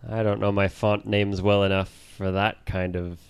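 Man, slightly low, resonant clear voice, relaxed conversational delivery. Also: moderate pace. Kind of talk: casual group chat during a word game.

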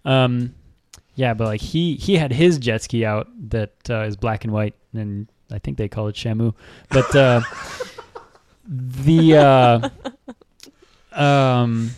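A man's voice: mid-range voice, slow pace, a little mellow. A man co-hosting a podcast, telling a meandering story full of fillers and laughing through it. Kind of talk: casual storytelling.

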